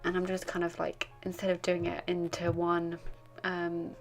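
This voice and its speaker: A woman's voice: lowish voice, monotone, normal speed, faint music behind. A young woman chatting through a voice-over of her art journal, rambling and self-deprecating. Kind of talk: casual voice-over narration.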